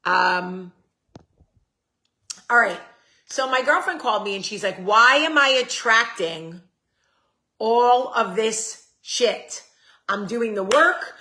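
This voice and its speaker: A woman hosts a relaxed livestream, talking to her viewers at an unhurried pace. Her voice is bright and forceful. She answers comments as they come in and lets the odd swear word slip. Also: fairly high pitch. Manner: chatty, talks straight to viewers and reads their comments aloud; swears casually. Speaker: host. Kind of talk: casual livestream chat.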